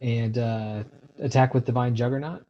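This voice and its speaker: Laughing player on a muffled mic. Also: male voice, medium pitch, steady tone, moderate pace. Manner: laughing, loose describer. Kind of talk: tabletop game play.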